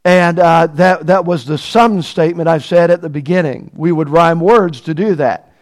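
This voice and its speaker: A man's voice: a little high, normal speed. A man preaching a sermon, emphatic and repetitive, often asking the congregation questions. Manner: emphatic, repeats key phrases, asks the congregation questions.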